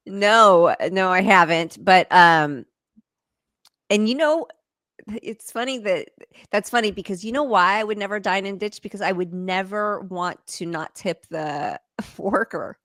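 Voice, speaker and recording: Podcast co-host, young adult woman, mid-pitched voice, blunt and candid, dry close mic. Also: unhurried, a bit bright, dry recording. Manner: candid, blunt, laughs often. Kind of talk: casual chat.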